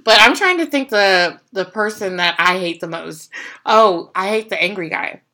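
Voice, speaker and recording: A woman co-hosting a casual chat podcast, talking about dating and often pausing to find her words. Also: mid-range voice, animated, sharp tone. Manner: hesitant, searching for words. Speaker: podcast co-host.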